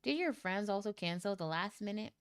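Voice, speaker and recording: A woman's voice: mid-range voice, lively intonation, fairly quick, clean tone, dry recording, clean studio sound, close to an everyday voice. A nervous young man confessing, read by a woman. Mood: earnest. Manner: nervous and earnest. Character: shy young man confessing his feelings, nervous and sincere.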